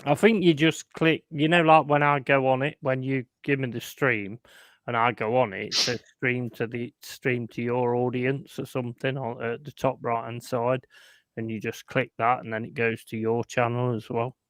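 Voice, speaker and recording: A man's voice: medium pitch, little pitch movement, moderate pace, fairly bright tone, dry recording. Blunt, sweary man hosting a stream. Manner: blunt, sweary, jokey banter with chat. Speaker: live stream host. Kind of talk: casual stream chat.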